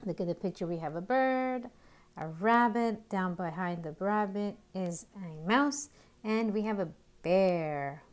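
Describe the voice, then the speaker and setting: A woman educator reading a picture book aloud to young children, gently pointing out the pictures. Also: fairly low pitch, a little slow. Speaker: early years educator.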